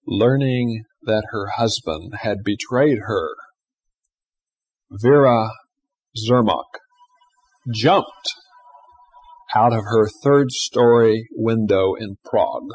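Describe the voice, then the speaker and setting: Guy preaching a sermon, kinda husky, gets loud then drops real quiet. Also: lowish voice, takes it slowly, pauses often. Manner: animated, swings between loud emphasis and hushed asides. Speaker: pastor.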